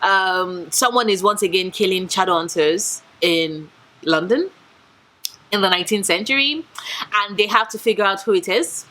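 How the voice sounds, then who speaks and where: A young woman from Nigeria chatting casually and excitedly about books she can't wait to read, gushing with big swings in her voice. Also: mid-range voice, moderate pace. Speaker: book reviewer. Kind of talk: casual enthusiastic book chat.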